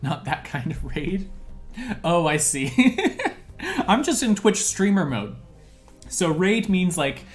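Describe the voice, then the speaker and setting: Livestreamer, playful and giggly, casual chat, middle pitch, soft music behind. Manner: giggly, playful, chatty with viewers. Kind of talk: casual live-stream chat.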